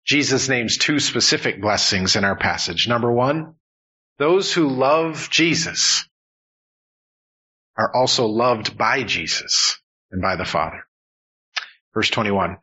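A male pastor delivers an earnest sermon, his voice bright and a little husky. He leans on repetition to build his points. The sound is slightly dull, like a modest church recording. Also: medium pitch, animated, unhurried. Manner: earnest, emphatic preaching with repetitions.

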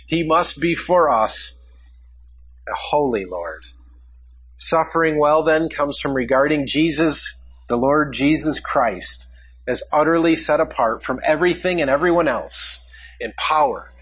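A man's voice: fairly high pitch, lively intonation, unhurried, fairly bright tone, breathy edge, poor audio. A man preaching a sermon, asking his congregation questions as he teaches from a passage. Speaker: pastor.

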